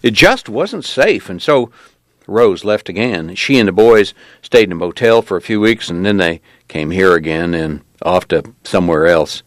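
A man giving a measured, even narration of a novel. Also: low-pitched, no room sound. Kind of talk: scripted narration.

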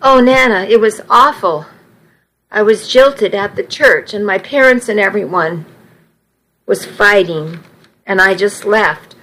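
A weepy, pleading young bride left at the altar, as a woman reads her, slightly raised in pitch and slow. The voice stays close to the narrator's own. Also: a bit bright, poor audio. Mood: tearful. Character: tearful jilted young bride.

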